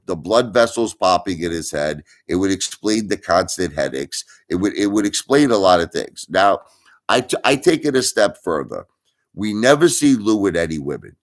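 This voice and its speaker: A middle-aged man hosting a live stream in a very deep, low voice. He talks in an insinuating way, piling up rhetorical questions and repeating himself for emphasis. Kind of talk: livestream commentary.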